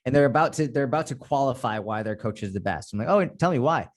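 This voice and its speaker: A man's voice: medium pitch, fast. Blunt, profane man with a Boston accent. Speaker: podcast guest, fitness coach. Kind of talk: casual podcast conversation.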